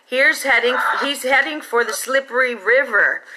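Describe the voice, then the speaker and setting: A woman's voice: high voice, normal speed, heavy background noise, voice pushed up, lightly acted. A woman voicing a brave young boy who leads a pirate crew in a storybook read-aloud. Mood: urgent.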